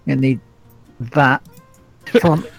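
A man's voice: medium pitch, steady tone, extremely slow, gravelly, faint music behind. A man co-hosting a gaming podcast, playful and jokey in casual chat over a board game. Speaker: podcast co-host.

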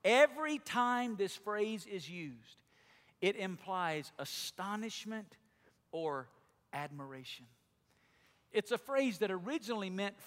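A man from Alabama with a Southern drawl, preaching a sermon as pastor, moving between loud exclaiming and slow, quiet emphasis. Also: sits high, animated, in a large hall. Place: church sanctuary.

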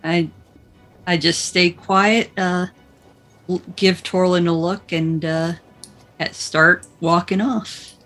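A woman playing a tabletop game, describing her moves in a hesitant, halting way. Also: on the low side, fairly even intonation, a bit bright, soft background music.

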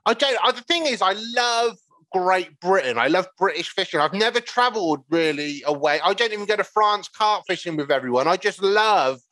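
High, bright-voiced male podcast host. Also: expressive, moderate pace, dry recording, low-quality recording. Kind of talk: casual chat.

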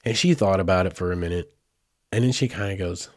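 A man's voice: sits low, fast talker, no echo, studio quality. A man, a father, telling a family story in a casual, rambling way with lots of fillers. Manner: rambling, chatty, with many fillers like "like" and "you know".

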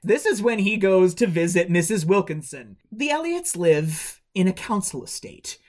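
A woman co-hosting a podcast, chatting casually and telling a film's story with quick, animated asides. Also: mid-range voice. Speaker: podcast co-host. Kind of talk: casual chat recapping a film.

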